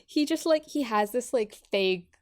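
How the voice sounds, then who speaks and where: A woman's voice: on the high side, lively intonation, normal speed, darkish tone. A woman in her twenties co-hosting a podcast, talking casually with lots of fillers and restarts. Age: 20s. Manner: chatty, many fillers and restarts. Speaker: podcast co-host. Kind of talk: casual chat.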